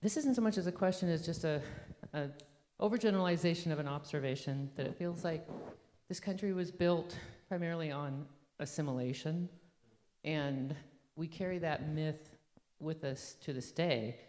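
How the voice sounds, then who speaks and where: An audience member asking a long question at a church forum, halting and searching for words. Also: medium pitch, darkish tone, in a large hall.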